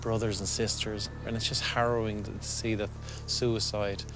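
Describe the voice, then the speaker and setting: A man speaking on a documentary show, asking gentle and sympathetic questions. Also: on the low side, flat delivery, moderate pace, background noise. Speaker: undercover benefactor on a TV show. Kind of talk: documentary conversation and piece to camera.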